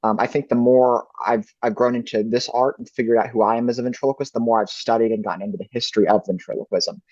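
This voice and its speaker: A man's voice: medium pitch, fairly even intonation, quick pace, a little mellow, no room sound. A man answering interview questions as a ventriloquist guest, reflective and thinking aloud. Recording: dull lo-fi dry recording.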